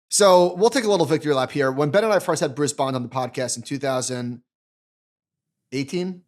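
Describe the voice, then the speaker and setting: A man co-hosting a finance podcast, chatting casually, animated and restarting sentences often. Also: medium pitch, fairly quick. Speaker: podcast co-host.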